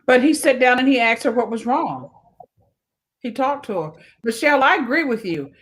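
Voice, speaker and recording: A woman's voice: a little high, lively intonation, normal speed, slightly rough. A woman co-hosting a casual talk show, speaking emphatically and repeating words for stress. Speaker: co-host. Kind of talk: casual podcast chat.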